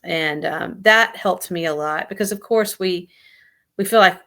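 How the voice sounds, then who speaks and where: Woman interview guest, lowish voice with vocal fry, telling a personal story with hesitant pauses. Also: a bit bright. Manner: halting, hesitant, with many pauses and fillers. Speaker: guest sharing lived experience of suicide loss. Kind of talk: emotional personal account in an interview.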